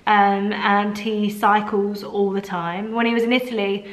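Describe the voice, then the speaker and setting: A woman's voice: medium pitch, level tone, a little slow. A woman, talking casually in a video diary, rambling and self-deprecating with plenty of restarts and asides. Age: 30s. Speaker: vlogger.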